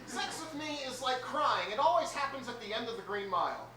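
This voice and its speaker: A woman telling quick improvised one-liners on a comedy stage. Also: fairly high pitch, lively intonation. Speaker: improv performer. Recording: echoey club, distant mic, crowd.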